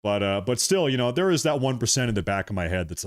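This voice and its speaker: A man's voice: mid-range voice, big pitch swings, quick pace, no room sound, studio quality. A man hosting a livestream in a casual, rambling way, reading out viewer messages and thanking them again and again. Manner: rambling, repeats himself, frequent thanks. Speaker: livestream host. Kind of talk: casual livestream chat reading super chats.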